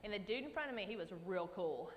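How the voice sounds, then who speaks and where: A young woman from Alabama with a Southern accent, telling an animated story at a conference and acting out her own reactions with big leaps in pitch. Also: fast. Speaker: conference speaker. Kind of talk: storytelling keynote talk. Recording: speech in a large hall with faint background noise.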